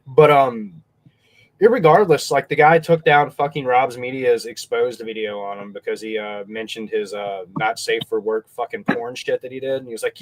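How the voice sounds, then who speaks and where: A man's voice: medium pitch, fairly even intonation, moderate pace, no room sound. Rambling, foul-mouthed male stream host. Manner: crude, rambling, heavy swearing. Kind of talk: casual livestream chat.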